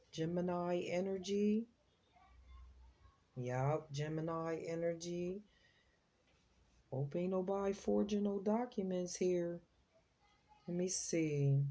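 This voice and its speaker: A woman's voice: fairly low pitch, mellow. A woman hosting a tarot reading, talking in a chatty, slangy way and exclaiming as she reads the cards. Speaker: psychic tarot reader, host.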